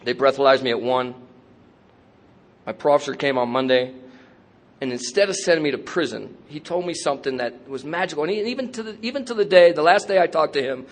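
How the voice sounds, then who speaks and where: A man's voice: a little high, fast. A man speaking at a recovery convention, telling his story candidly with streetwise slang and self-mocking humor. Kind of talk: personal recovery talk.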